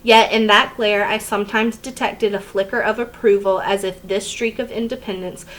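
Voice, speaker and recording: A woman's voice: medium pitch, moderate pace, slight background noise, rough recording. A woman reading a memoir aloud chapter by chapter for students to follow along, now and then stopping to explain a line. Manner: steady, plain read-aloud pacing. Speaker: teacher reading to a class.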